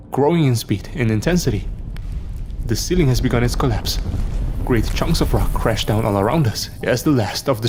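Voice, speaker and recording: Gravelly male horror story narrator. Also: medium pitch, slight background noise. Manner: dramatic, measured storytelling. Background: soft background music.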